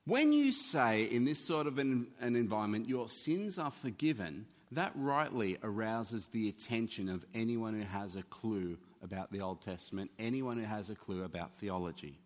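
A man preaching a sermon in an animated, conversational teaching manner. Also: lowish voice, moderate pace, few pauses. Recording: long hall reverb.

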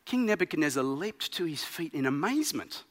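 A man preaching a sermon, swinging between loud emphasis and quiet gravity. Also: fairly high pitch, very animated, fairly quick, big-room sound.

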